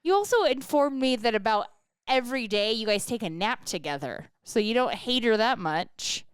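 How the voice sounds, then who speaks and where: A woman co-hosting a podcast, chatting casually, teasing her partner with quick short replies. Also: a little high, animated, smooth, no room sound, clean studio sound. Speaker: podcast co-host. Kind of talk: casual chat.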